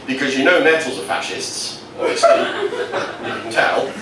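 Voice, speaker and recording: Rambling stand-up comedian. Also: male voice, a little high, wildly swooping pitch, unhurried, distant mic, crowd noise. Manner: rambling, absurd, storytelling. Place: comedy venue. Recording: echoey venue from afar, noisy.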